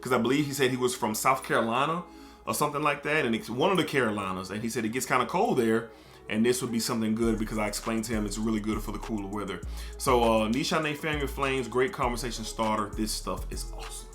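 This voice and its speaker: A man reviewing fragrances in a relaxed, storytelling way, with frequent fillers. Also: mid-range voice, fast, faint music behind. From United States. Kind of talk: casual review talk to camera.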